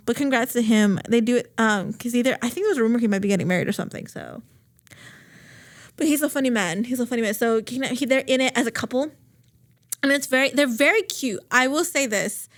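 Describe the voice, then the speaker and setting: A woman recapping a TV series on a podcast in casual, filler-heavy chat, swearing and acting out quotes. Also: fairly high pitch. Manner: chatty, lots of fillers, swears, animated quoting. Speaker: podcast co-host.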